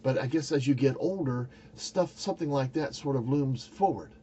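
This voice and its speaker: A man's voice: mid-range voice, moderate pace, warm tone, a little hiss or hum. An older man talking casually to camera about a personal experience, rambling and searching for words with many restarts. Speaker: YouTuber recounting a spiritual experience.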